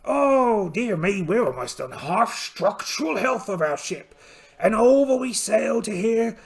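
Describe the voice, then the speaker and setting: A man doing a gravelly, hammy pirate captain. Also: sits high, big pitch swings, a little slow, heavily acted. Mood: dramatic. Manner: theatrical, exclaiming, swooping delivery. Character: cheerful, blustering one-eyed male pirate captain. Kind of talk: solo tabletop game narration in character.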